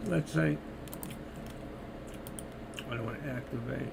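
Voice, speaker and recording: In a very noisy recording, an older man from New York City, New York accent and all, gives live market commentary on a stream. Slow and mid-range with vocal fry, he chats through stock trades and reads viewers' messages while losing his voice.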